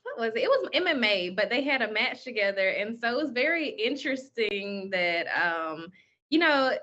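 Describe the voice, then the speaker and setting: A woman's voice: a little high, very animated, moderate pace, bright, forceful tone, dull audio. A young woman answering interview questions in a chatty way, full of "like" and "um". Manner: chatty, lots of "like" and "um", laughs easily. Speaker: guest, pro wrestler.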